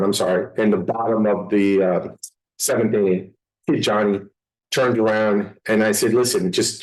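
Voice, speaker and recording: A man hosting a podcast, telling stories in a lively way and acting out what people said. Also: fairly low pitch, rough recording. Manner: animated storyteller, acts out quotes. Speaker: podcast host. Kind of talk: casual podcast chat.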